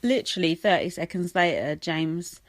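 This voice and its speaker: A woman's voice: lowish voice, normal speed. A woman recapping a reality show in a sweary, sarcastic, exasperated rant. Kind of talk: ranting casual commentary.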